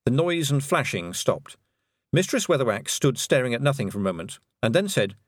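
A man narrating a storybook in an animated reading voice. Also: mid-range voice, moderate pace, no echo, clean studio sound. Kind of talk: audiobook narration.

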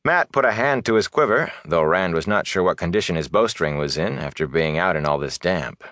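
A man reading a fantasy novel aloud as narrator, in a measured, steady storytelling manner. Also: low voice, no echo, studio quality. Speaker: audiobook narrator.

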